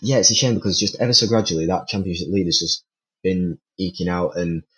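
A man's voice: sits low, fast talker, a bit bright, rough recording. A man on a casual panel, giving his opinion in rambling sentences full of restarts and the odd laugh at himself. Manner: rambling, many restarts, self-deprecating laughs.

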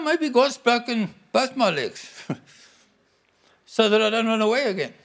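A man's voice: high-pitched, fairly bright tone. A man preaching a conversational sermon, declaring scripture with emphasis.

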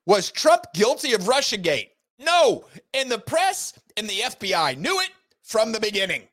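A male podcast host delivers an angry, sarcastic political rant with heavy emphasis. His high voice is very animated and fairly bright at normal speed, recorded at studio quality with no room sound.

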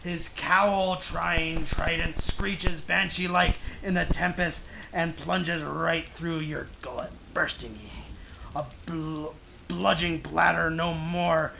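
Man doing a gravelly, growling old sea dog, raging and theatrical, slightly high. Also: steady tone, takes it slowly, pushed and bright, a little hiss or hum, heavily acted. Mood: raging curse. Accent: put-on old sailor accent. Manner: theatrical, declaiming with mounting rage. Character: furious old male sea captain cursing.

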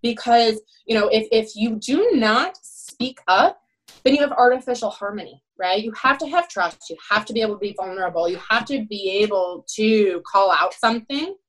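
A middle-aged woman who coaches college swimmers tells her stories in a podcast interview. Her voice sits a little high. She talks candidly and emphatically and keeps checking in with "right?". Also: expressive, moderate pace, low-quality recording. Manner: candid and emphatic, peppered with "you know" and "right?". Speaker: college swim head coach.

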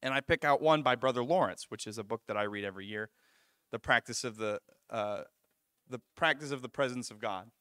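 A young man gives a sermon through a personal story, his voice bright and forward. He tells it with animation, stumbling and restarting as he goes. The sound is dry and close. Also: medium pitch, fairly quick, clean tone, dry recording. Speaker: preacher.

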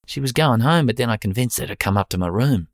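A man's voice: medium pitch, animated, fast talker, no room sound, clean studio sound, pitched above the performer's own voice, natural voice. A man voicing a sheepish, laid-back Australian husband who talks in casual slang, with an Australian accent. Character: sheepish Aussie husband, middle-aged man.

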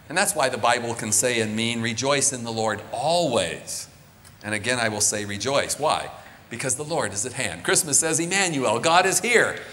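A man's voice: medium pitch, pushed and bright, a little hiss or hum. Man preaching in a reverberant church. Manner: earnest, rising and falling preaching cadence. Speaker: pastor. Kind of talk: sermon. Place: church sanctuary. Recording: long reverb of a large church.

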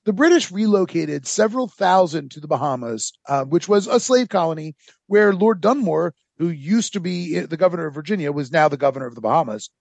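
A man's voice: on the high side, lively intonation, a little fast, gravelly, darkish tone, no room sound. A man hosting a casual history podcast, telling the story with rambling sarcastic asides and lots of fillers. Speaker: podcast host.

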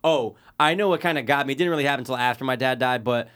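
A man's voice: mid-range voice, racing, a bit bright. A young man co-hosting a podcast in casual chat, swearing freely and calling people dude. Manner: swears, says "dude" a lot. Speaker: podcast co-host.

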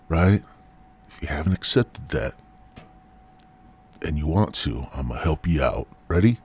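A man's voice: rumbling low, lively intonation, moderate pace, long pauses, darkish tone, breathy edge. A man hosting a solo podcast, rambling through profane rants with whispered asides. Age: adult. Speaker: podcast host.

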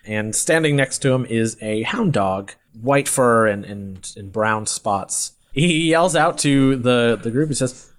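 A man's voice: medium pitch, expressive, takes it slowly. A man narrating a tabletop game as game master in a descriptive, easygoing way.

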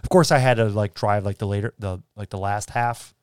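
Low, smooth-voiced man chatting. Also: a little fast, no echo. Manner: relaxed, dry, storytelling with many fillers. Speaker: podcast co-host. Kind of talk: casual chat.

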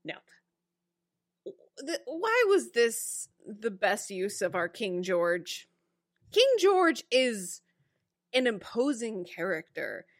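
A woman in casual chat, critiquing a show in an expressive, exasperated way. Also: fairly high pitch, slow pace, pauses often. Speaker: podcast co-host.

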